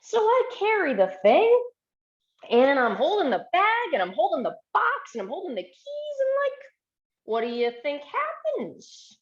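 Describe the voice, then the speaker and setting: Animated woman telling an earnest story. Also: extremely high pitch, measured pace, roomy sound, highs cut off. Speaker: physician and workshop presenter. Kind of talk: storytelling presentation.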